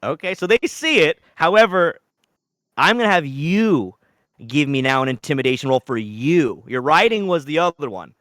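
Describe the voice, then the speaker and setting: A man's voice: a little high, lively intonation, moderate pace, a bit bright, dry recording, studio quality. A man narrating a live tabletop game as game master, swearing and laughing as he tells the story.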